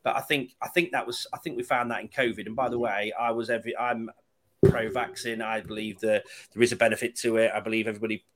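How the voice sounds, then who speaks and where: A man in casual chat, an animated, sardonic storyteller who swears freely. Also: on the low side, fast talker, a little hiss or hum.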